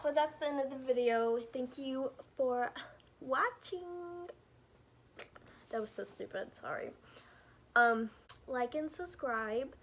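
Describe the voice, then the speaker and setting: A young woman chats into her camera from the driver's seat, loose and profane and full of "like." Her voice sits slightly high for a woman. A faint hum of traffic runs underneath. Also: a little slow. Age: young adult. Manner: chatty, profane, says like a lot. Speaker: vlogger. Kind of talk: casual vlog chat. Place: in her car.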